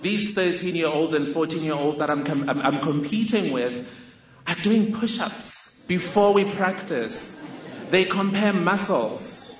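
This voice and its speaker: A woman, telling a personal story in a measured, deliberate way. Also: low voice, echoey room, dull audio. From South Africa. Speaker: speaker telling her life story.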